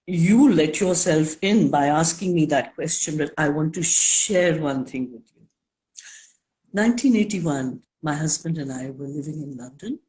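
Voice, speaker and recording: An older woman speaking as a guest in a live interview, slow and emphatic, leaning on key words. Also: sits low, dark tone.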